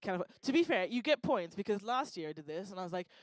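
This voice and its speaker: A female event host jokes with and teases the crowd from a lecture hall stage in casual, stand-up style banter. She talks rapid-fire in a very animated mid-range voice, with no echo.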